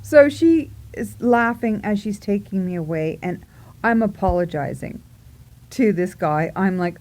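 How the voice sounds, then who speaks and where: Slow-talking giggly woman telling a story. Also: mid-range voice. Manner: animated, giggly, acts out her own reactions. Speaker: vlogger. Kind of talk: casual storytelling.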